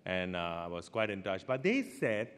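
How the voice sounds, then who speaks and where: A man preaching a sermon as pastor, telling stories with animated swings in pitch and loudness. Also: moderate pace, clear, resonant tone. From Singapore. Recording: long hall reverb.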